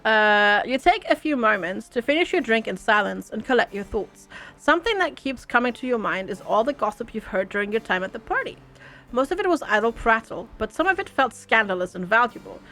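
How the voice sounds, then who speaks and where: A woman's voice: on the high side, big pitch swings, brisk, a bit bright, soft background music. Playful woman reading game text. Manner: playful, laughs often. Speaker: gaming channel host. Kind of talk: reading game text aloud with casual commentary.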